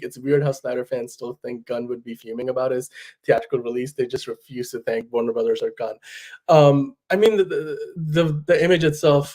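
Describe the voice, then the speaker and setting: A man's voice: mid-range voice, a little mellow. A man co-hosting a daily fan news show, talking casually, with easy chuckles and lots of fillers. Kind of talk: casual podcast chat.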